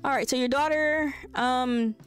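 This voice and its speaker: A woman's voice: high voice, fairly even intonation, unhurried, smooth, soft background music. A young woman hosting a life sim let's play, chatting casually and swearing while she narrates. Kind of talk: casual game commentary.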